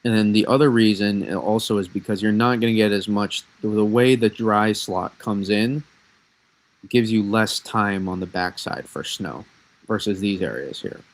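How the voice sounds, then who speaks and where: Over a rough recording, a man with a fairly low voice talks at normal speed while casually explaining a snowstorm forecast on a live stream. His manner is chatty and wandering, with restarts and replies to viewer questions in chat.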